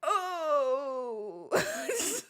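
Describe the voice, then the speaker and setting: A woman's voice: high-pitched, wildly swooping pitch, drawn-out words, a bit bright. A woman hosting a watch party, reacting casually with lots of giggles, hesitations and trailing fillers.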